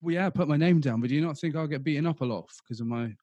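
A man's voice: on the high side, mellow, dry recording, dull audio. Bantering southern English man. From southern England. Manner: jokey, quick to laugh, banter. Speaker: podcast co-host. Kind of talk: casual podcast chat.

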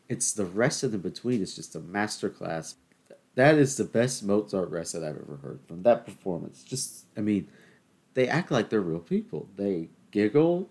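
A man hosting a podcast, ranting in a loose, opinionated way with lots of fillers and restarts. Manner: bursts into loud, high exasperation at a game on TV. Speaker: podcast host. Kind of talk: casual solo rant.

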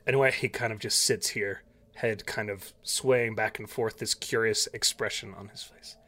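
A man's voice: lowish voice, fairly even intonation, moderate pace, sharp tone. A man narrating a tabletop game as game master, with a loose, descriptive delivery full of fillers. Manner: descriptive, many fillers and hedges.

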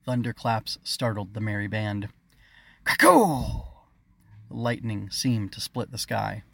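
A man narrating his own children's story in a measured, expressive reading. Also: fairly low pitch, creaky.

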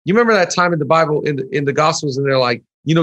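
A man's voice: on the high side, racing, a bit bright, no echo. A man, a pastor guest on a podcast, talking earnestly in casual conversation and acting out prayers in quoted voices.

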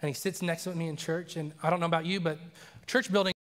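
Guy preaching, telling a story, acts out voices, laughs a lot, slightly high voice, big echoey church. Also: fast. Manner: animated, acts out quoted voices, laughs often. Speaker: pastor. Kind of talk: storytelling sermon. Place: church sanctuary. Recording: long reverb of a large church hall.

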